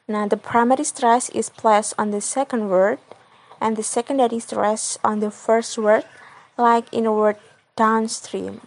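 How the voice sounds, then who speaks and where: A young woman reads a class presentation at a slow pace. She talks carefully and halts with small restarts. Her pitch sits in the middle. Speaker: student presenter.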